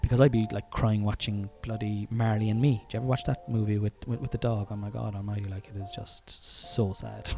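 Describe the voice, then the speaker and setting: A man's voice: on the low side, little pitch movement, a little fast, vocal fry, few pauses, dark tone, faint music behind. An Irish man telling a personal story in a casual monologue, frank and profane, chuckling often and wandering into asides.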